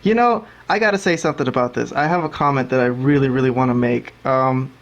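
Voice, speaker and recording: A man's voice: medium pitch, quick pace, highs cut off. A man hosting a wrestling review podcast, talkative, ranting and mimicking commentators. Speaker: podcast host. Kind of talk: casual wrestling review chat.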